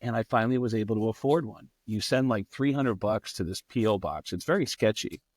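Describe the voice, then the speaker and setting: A man's voice: fairly low pitch, no room sound. A man, a comedian guest on a podcast, telling a rambling, profane story and acting out the people in it. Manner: profane, animated, quick to act out people. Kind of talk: casual storytelling.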